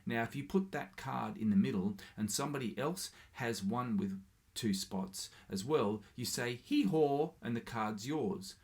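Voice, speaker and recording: A man's voice: medium pitch, measured pace, natural voice. A man reading aloud and voicing a boastful, bossy little boy who plays a bull in a children's card game. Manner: loud, commanding, eager.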